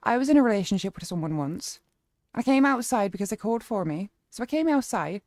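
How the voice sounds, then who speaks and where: A cheeky, brash Irish woman, put on by a woman streamer spins a saucy tale with broad, exaggerated delivery. Her voice sits at a middle pitch and is recorded dry and close, with no room sound. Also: quick pace, no room sound, lightly acted. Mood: mock-grumbling. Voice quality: lively, exaggerated, crude storytelling. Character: cheeky Irish woman telling a bawdy story. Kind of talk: livestream chat.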